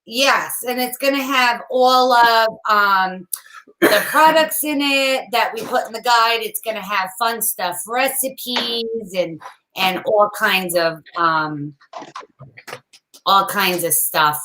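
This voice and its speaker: Slow-talking bright-voiced woman. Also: on the high side, a little hiss or hum, low-quality recording. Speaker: podcast co-host. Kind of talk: casual chat.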